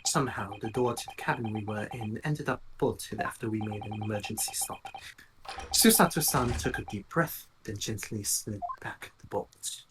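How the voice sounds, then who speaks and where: A woman voicing an earnest young male lawyer in an amateur game voice-through, narrating quickly and plainly. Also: extremely low pitch, music in the background.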